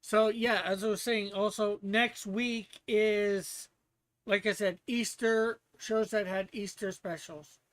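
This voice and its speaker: A livestream host chats casually with viewers, stumbling over words and restarting as the thoughts come. The voice sits at a middling pitch. Light laughs break up the rambling. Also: steady tone, takes it slowly. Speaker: streamer hosting a guessing game.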